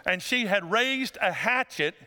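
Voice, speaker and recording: A male pastor, preaching a sermon and telling stories, sometimes acting out voices in a high falsetto. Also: lively intonation, unhurried, sharp tone. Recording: long hall reverb.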